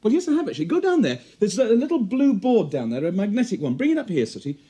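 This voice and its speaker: A man's voice: high-pitched, fast, breathy edge, no room sound. A man with a British accent presenting a children's show, talking playfully and patiently to a puppet. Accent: British English. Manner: animated, teasing, patient.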